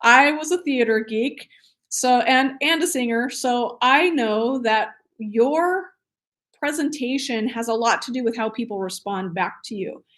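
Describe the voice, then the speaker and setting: Woman instructor, slightly higher voice, energetic and conversational lecture delivery. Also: unhurried. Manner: energetic and enthusiastic; chatty, with fillers and laughs. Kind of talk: recorded training lecture.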